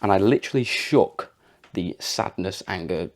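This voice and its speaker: A man's voice: deep voice, expressive, moderate pace. A young man giving a rambling, chatty motivational talk, full of fillers, with a sore throat. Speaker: vlogger. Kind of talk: casual motivational talk to camera.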